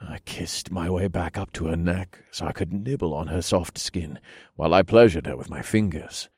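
Man, erotic story narrator, very low voice, husky, breathy, intimate. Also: normal speed, a little mellow, no echo, clean studio sound. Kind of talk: first-person erotic story reading.

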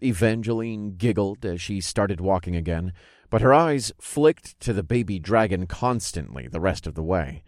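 A man with a lowish voice narrates a fantasy audiobook in first person. His delivery swings up and down with plenty of expression. The sound is close and dry, with no room around it. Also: expressive, normal speed, dry recording.

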